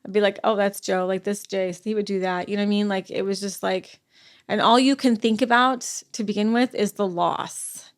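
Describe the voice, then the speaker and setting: A middle-aged woman, a podcast guest, talking through a personal story in a halting way, full of fillers and restarts. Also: medium pitch, fairly even intonation. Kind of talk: conversational interview.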